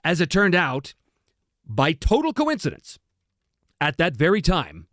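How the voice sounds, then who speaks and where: A man's voice: fairly high pitch, measured pace, dry recording, clean studio sound. A man hosting a livestream as a voice actor, chatting casually and telling stories with easy laughter. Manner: lively storyteller who laughs easily. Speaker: voice actor and streamer host.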